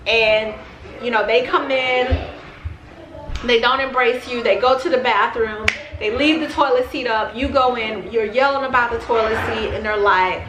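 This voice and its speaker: A woman's voice: fairly high pitch, normal speed, noisy background. A woman vlogger giving casual advice straight to the camera, talking conversationally and repeating phrases for emphasis. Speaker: parenting vlogger. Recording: roomy echo.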